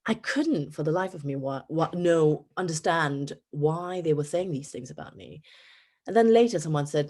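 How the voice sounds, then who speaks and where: A woman in her thirties from Singapore with a Singaporean accent, an English teacher giving a conference talk in an animated storytelling manner. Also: moderate pace. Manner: animated storytelling with pitch jumps.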